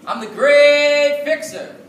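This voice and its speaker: A man voicing a cheerful poor handyman who proudly shouts and sings his calls. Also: mid-range voice, brisk, pitched above the performer's own voice, close to an everyday voice. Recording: echoey hall from far off, noisy.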